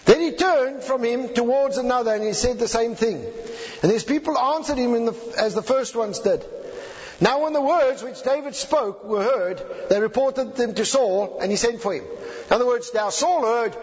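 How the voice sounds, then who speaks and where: A man preaching a sermon, retelling a scripture story in a lively way and acting out the quotes. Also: extremely high pitch, normal speed. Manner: animated, lively paraphrasing with acted-out quotes. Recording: echoey hall, dull lo-fi sound.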